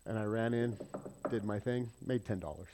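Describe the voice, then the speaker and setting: A man preaching a sermon, asking his congregation questions and swinging between loud emphasis and soft asides. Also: fairly low pitch, normal speed, slight background noise. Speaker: pastor.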